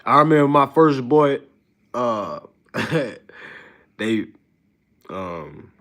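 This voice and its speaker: Animated man ranting to his stream. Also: extremely slow. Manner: animated, addresses viewers as y'all, mocking high-pitched impressions. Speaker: livestream host. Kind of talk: casual ranting livestream monologue.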